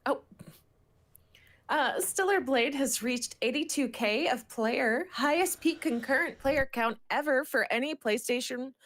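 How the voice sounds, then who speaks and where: A woman's voice: sits high, unhurried, a bit bright. A woman hosting a late-night stream, playful and giggly as she chats and greets viewers. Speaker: VTuber host.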